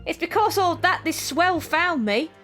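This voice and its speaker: Woman voicing a cheeky young street pickpocket girl, British accent, high voice, lively swoops, hoarse, faint music behind. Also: a little slow, full character voice. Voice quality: cockney-style slang, rough and cheeky. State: hoarse, voice going.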